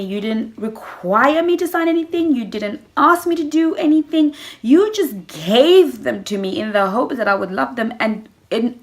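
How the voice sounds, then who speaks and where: A woman vlogger chatting casually to camera about relationships, animated and sassy, acting out little scenes and calling her listeners girl. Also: high-pitched. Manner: animated, acts out little scenes with playful voices. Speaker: vlogger giving relationship advice.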